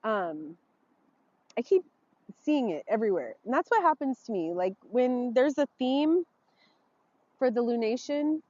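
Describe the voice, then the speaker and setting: A woman speaking a heartfelt, halting blessing and reflection outdoors, emotional and close to tears. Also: a little high, animated, warm tone, no echo, muffled recording. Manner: heartfelt, tearful, halting with pauses. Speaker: vlogger doing an outdoor ritual. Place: forest, outdoors.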